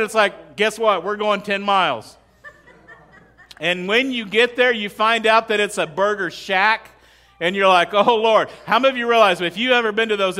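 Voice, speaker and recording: A man's voice: high-pitched, bright, forceful tone. A middle-aged male pastor preaching a sermon in a conversational, humorous way, acting out quoted prayers and asides.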